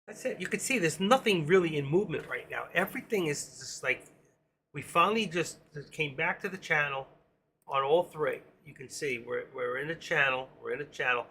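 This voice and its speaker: A middle-aged New York man rambles casually through a live trading stream and reads viewer comments aloud. His voice is gravelly and bright, with a faint hiss of background noise. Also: a little high, lively intonation, a little fast.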